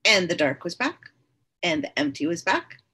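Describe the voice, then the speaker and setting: A woman with a husky, somewhat low voice speaks as a podcast guest. She recounts her own story in an earnest, candid way and repeats phrases for emphasis. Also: very animated, normal speed, sharp tone. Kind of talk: personal storytelling in conversation.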